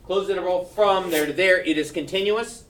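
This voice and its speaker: A man's voice: sits high, moderate pace, a bit bright, recorded from a distance, a little hiss or hum. A male math teacher giving a classroom lecture, checking in with his students and joking between steps. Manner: keeps checking in with "right?", joking asides.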